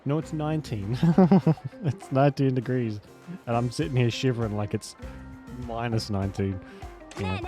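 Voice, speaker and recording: A man's voice: mid-range voice, moderate pace, over music. A man streaming a game live, chatting casually, reading lines aloud and meowing as a running joke.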